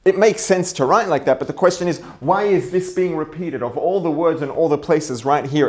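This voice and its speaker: A man's voice: on the high side, normal speed, few pauses, darkish tone. A man teaching a religious text, thinking aloud, repeating and rephrasing his points and posing rhetorical questions. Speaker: rabbi teaching Torah. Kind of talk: explaining a text to an audience.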